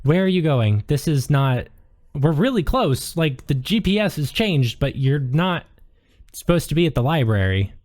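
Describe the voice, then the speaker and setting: A man's voice: a little high, sing-song, normal speed, a little mellow, voice pushed up. A man voicing an exasperated, swearing woman who speaks over the phone in a tabletop game. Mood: urgent. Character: blunt, cursing woman on a phone.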